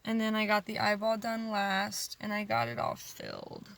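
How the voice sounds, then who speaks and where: A young adult woman vlogging casually to camera, rambling through a story with heavy profanity and animated retelling. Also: medium pitch, normal speed.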